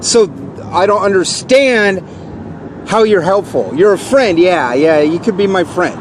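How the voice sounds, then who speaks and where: A man in his forties with a high-pitched voice, venting a repetitive, accusing rant. He keeps hammering the same lines and keeps pushing himself louder. Loud traffic noise rumbles behind him outdoors. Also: lively intonation, unhurried. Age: 40s. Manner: repetitive, accusing, escalating into shouted outbursts. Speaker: vlogger. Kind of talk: angry rant to camera.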